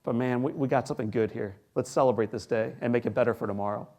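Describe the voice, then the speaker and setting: A man in his forties gives an inspirational keynote speech from a stage, telling his own story. He has a mid-pitched voice and swings from quiet, slow moments to loud, punchy lines. His dramatic pauses carry the story. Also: steady tone. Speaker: keynote speaker. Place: large hall before a live audience.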